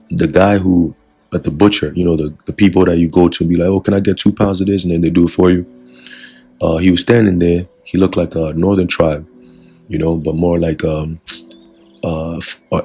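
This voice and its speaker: A man giving a casual spoken testimony of a dream as a religious lesson, relaxed and full of fillers. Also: sits low, creaky, slightly rough. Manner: relaxed storytelling with many fillers. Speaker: religious teacher recounting a dream.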